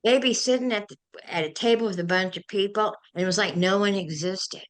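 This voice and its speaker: An older woman, a guest on a talk show, telling animated and emotional stories. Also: medium pitch, fairly quick. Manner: animated, emotional storyteller who gets carried away. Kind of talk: anecdotal storytelling in a chat.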